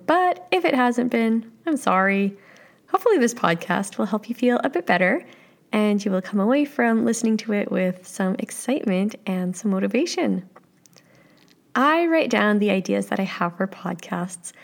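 A woman's voice: medium pitch, vocal fry. A Canadian woman in her thirties with a Canadian accent, hosting a solo podcast as a life coach and talking casually with listeners. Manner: friendly, conversational, asks the listener questions.

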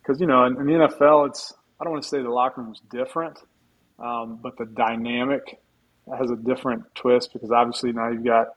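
A middle-aged man with an ordinary mid-range voice, sitting in as a guest on a podcast. He tells long, rambling stories in a relaxed way, often restarting his sentences and adding humble asides. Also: mid-range voice, fairly quick, dull audio. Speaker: guest, former football player. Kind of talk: casual storytelling in a podcast interview.

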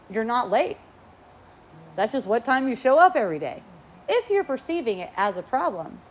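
A woman's voice: mid-range voice, slight background noise. A middle-aged woman giving a casual spiritual talk, playful and laughing often as she acts out what people say to her.

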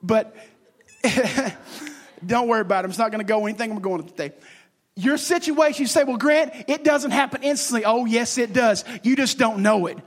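A man preaching a sermon in a strikingly high, husky voice. He drives his points home through repetition. His delivery swings from loud declarations to hushed whispers. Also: normal speed, long pauses. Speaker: pastor.

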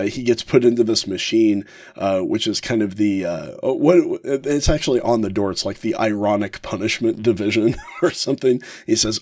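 A man hosting a casual podcast, ranking favorite episodes with frequent chuckles and halting fillers. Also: lowish voice, a little mellow, no echo, clean studio sound. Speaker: podcast host.

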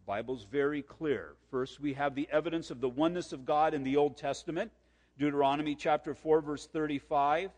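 A male pastor delivers an emphatic sermon in a slightly higher voice than most men. He slows down to read scripture, stresses and repeats his main points, and his voice trails off into a long reverb as in a large hall. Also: darkish tone.

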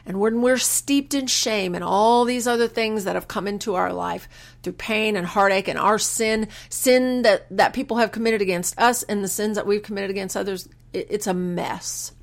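A woman hosting a faith podcast, speaking earnestly about letting go, quoting scripture slowly and with emphasis, sometimes halting and restarting. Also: medium pitch, gravelly. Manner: earnest, preacherly, quotes scripture with slow emphasis; halting restarts when moved. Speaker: podcast host. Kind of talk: faith-based personal reflection.

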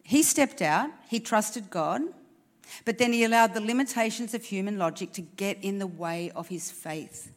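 A woman's voice: mid-range voice, moderate pace. Woman preaching an earnest sermon. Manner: earnest, encouraging, with rhetorical questions. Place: church service.

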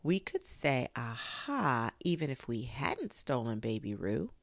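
Simple good-natured teddy bear for a storybook read-aloud, voiced by a woman; slow and humble. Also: extremely low pitch, big pitch swings, gravelly, no echo, studio quality, heavily acted. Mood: muddled.

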